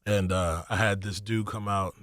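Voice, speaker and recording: A man's voice: steady tone, moderate pace, fairly bright tone, no room sound. A young man chats as a comedian guest on a radio show. He is laid-back and tells stories, lifting his voice when he quotes people. The sound is dry and close-miked. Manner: laid-back, storytelling, acts out quotes with rising pitch. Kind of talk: casual radio interview chat.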